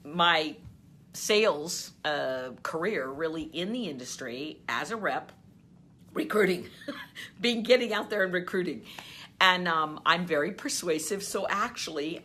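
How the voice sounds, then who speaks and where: A middle-aged woman coach giving an animated motivational talk and telling a story, laughing often. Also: on the low side, husky. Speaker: business coach.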